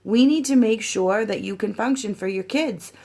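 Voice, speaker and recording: A woman in her thirties giving a casual coaching talk to her team, acting out customer chats in a lively, chatty way. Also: medium pitch, moderate pace. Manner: chatty, animated, acts out sales chats. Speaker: sponsor training her team. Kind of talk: casual coaching talk with role-play examples.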